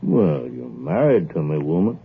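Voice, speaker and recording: A shiftless, bragging young husband in an old radio play, very deep and husky, drawling sullenly. The broadcast sounds thin and tinny, like a phone line. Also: male voice, big pitch swings, unhurried, exaggerated voice. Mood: surly. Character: lazy boastful young husband, thuggish and idle. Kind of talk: 1940s radio acting.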